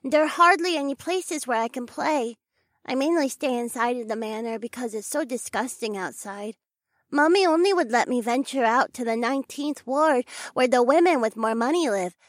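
A woman's voice: sits high, normal speed, dry recording, studio quality, natural voice. A woman voicing a chatty, spoiled little noble girl in an audiobook, with a sing-song, whiny way of talking. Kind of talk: audiobook character voice.

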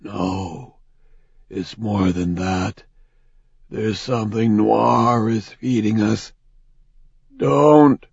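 A man voicing a sick, gaunt male god who gives weak, raspy, breathy warnings. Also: lowish voice, fairly even intonation, extremely slow, pauses often, a little mellow, dry recording, lo-fi sound, heavily acted. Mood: urgent.

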